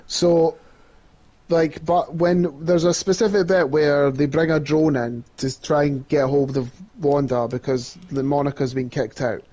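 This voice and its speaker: A Scottish man co-hosting a podcast in casual chat, excited and repeating himself when he gets worked up. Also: on the high side, a little slow, lo-fi sound. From Scotland. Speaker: podcast co-host.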